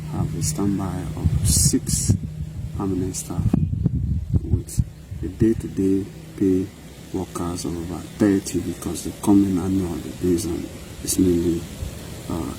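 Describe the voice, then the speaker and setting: A middle-aged Nigerian man, a company head and farmer, speaking earnestly and emphatically with repetitive, speech-like phrasing, outdoors on a farm. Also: low voice. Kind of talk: on-site interview monologue. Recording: outdoor noise with passing vehicles.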